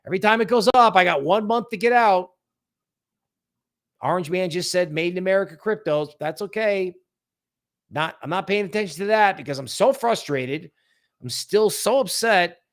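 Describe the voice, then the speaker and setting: Hosting a crypto livestream, this man talks at an ordinary pace in a high voice, animated and sarcastic. He keeps ridiculing people's concerns by mimicking them in quotes.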